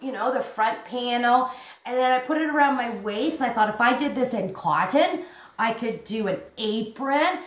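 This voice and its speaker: A woman's voice: a little high, animated, moderate pace. A woman in her fifties chatting casually at home about her crochet, rambling and restarting her sentences with little giggles. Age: 50s. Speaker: crochet vlogger. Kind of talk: casual show-and-tell chat. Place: home room. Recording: echoey room.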